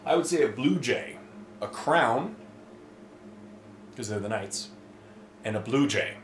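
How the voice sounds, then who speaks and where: A man's voice: medium pitch, animated, slow pace, slight background noise. A man from Toronto hosting a casual Q&A, chatty and enthusiastic, rambling with fillers. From Toronto, Canada. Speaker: host answering viewer questions. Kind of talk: casual chat. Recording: roomy with faint ambience.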